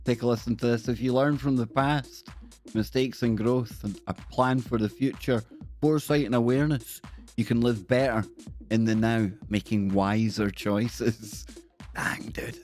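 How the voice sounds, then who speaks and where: A man chats casually on his live stream, joking and calling out viewers by name. His voice sits at a middling pitch. Soft music plays faintly in the background. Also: fairly even intonation, normal speed. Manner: chatty and jokey, shouting out viewers by name.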